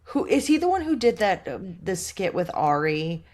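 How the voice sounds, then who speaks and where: Curious low-voiced woman co-host. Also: big pitch swings, darkish tone. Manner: curious, asks quick follow-up questions. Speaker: podcast co-host. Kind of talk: casual chat.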